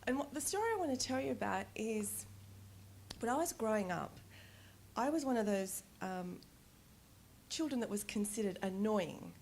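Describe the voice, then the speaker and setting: A middle-aged woman giving a conference talk, telling personal stories in a candid, animated way and laughing often. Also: medium pitch, normal speed, pauses often, slight background noise. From Australia. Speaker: conference speaker. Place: conference stage.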